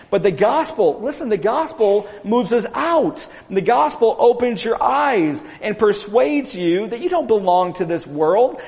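A man's voice: sits high, creaky, a little mellow. A male pastor preaching a sermon earnestly, asking his congregation rhetorical questions. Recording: long hall reverb.

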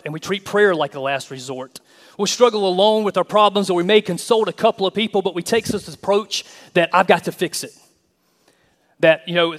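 High-voiced, animated male preacher. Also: long reverb tail. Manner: animated, emphatic preaching with humor. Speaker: pastor. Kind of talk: sermon.

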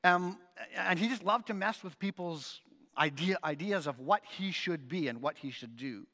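A man preaching a sermon in a conversational, animated way, often checking in with his listeners. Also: sits high, moderate pace, big-room sound. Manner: animated, conversational preaching with frequent "right?" asides. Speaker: pastor.

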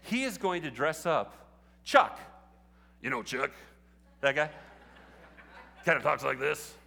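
A man preaches as pastor in a church sanctuary, the big hall's long reverb trailing his words. He takes it slowly in a fairly high, expressive voice with vocal fry and a sharp tone, moving from easy conversation to fervent exhortation.

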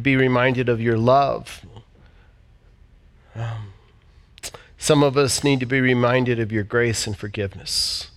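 A man's voice: mid-range voice, fairly even intonation, slow, long pauses. A man leading a heartfelt sermon and prayer in church, speaking earnestly and repeating phrases. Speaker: pastor.

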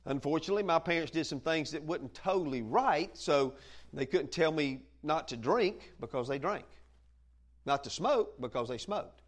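A man preaching a conversational sermon to a room of listeners, folksy and animated, breaking into laughs and playful asides. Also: on the high side, normal speed. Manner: folksy and animated, acts out quoted voices, laughs often. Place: church meeting room with listeners.

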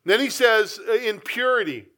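A man's voice: very high voice, lively intonation, normal speed, bright, forceful tone. A man preaching a sermon as pastor, earnest and conversational, with frequent asides to the congregation.

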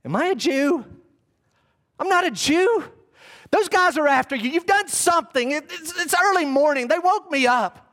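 Man acting out a flustered Roman governor, high-pitched, louder, firing off anxious questions. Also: wildly swooping pitch, full character voice. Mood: agitated. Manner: rapid-fire anxious questioning. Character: agitated Roman governor, middle-aged man.

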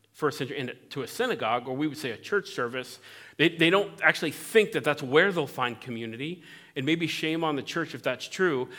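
Male pastor, slightly higher voice, animated conversational sermon delivery. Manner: animated, conversational, acts out voices in Bible quotes.

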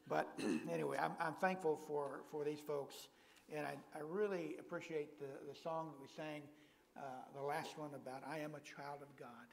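A man's voice: a little high, fairly even intonation, normal speed, gravelly, long reverb tail, low-quality recording. An older man preaching as a guest pastor in a church, speaking in a folksy way with self-deprecating humor. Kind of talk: sermon.

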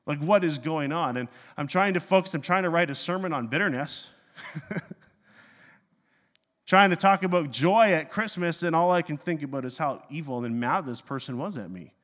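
A middle-aged male pastor preaching in a storytelling, self-deprecating way, his voice sitting a bit higher than most men's. He swings between quiet confiding asides and loud, animated bursts. A long reverb trails each phrase as if in a church sanctuary. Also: normal speed. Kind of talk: sermon.

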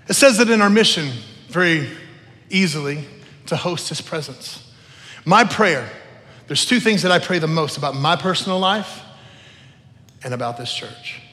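A male pastor delivers an earnest, emotional sermon, his voice sitting a touch higher than most men's. He weaves spoken prayers into the preaching, and the sound rings with the long reverb of a large church hall. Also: sharp tone.

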